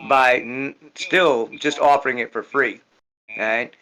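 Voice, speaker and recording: A man's voice: medium pitch, slow, bright, forceful tone, rough recording. A man speaking in character at a tabletop game, rambling and tagging "right?" onto most sentences. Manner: rambling, repeats "right?" constantly. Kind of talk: in-character role-play speech.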